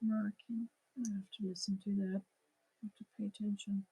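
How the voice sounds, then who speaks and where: A woman's voice: mid-range voice, level tone, normal speed, mellow, slightly rough. A woman with a German accent, a native German speaker, chatting casually with viewers as host of a crochet livestream, answering comments and laughing at herself.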